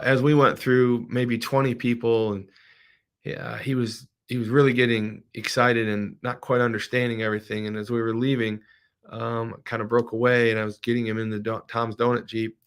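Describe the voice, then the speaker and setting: A middle-aged man with a gravelly edge to his voice, sitting at a middling pitch. He runs a casual livestream as a business owner and talks in a rambling, heartfelt way with many restarts, his feelings showing through. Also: a bit bright. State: emotional.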